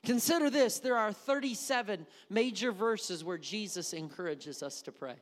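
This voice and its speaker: High-voiced man preaching in a reverberant hall. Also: normal speed. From Wisconsin. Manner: emphatic, repeats key words for effect. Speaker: pastor. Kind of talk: sermon.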